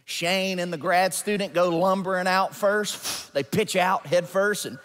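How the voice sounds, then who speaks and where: A male pastor telling a story in a sermon, animated and building to emphatic peaks. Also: sits high, measured pace. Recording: long church hall reverb.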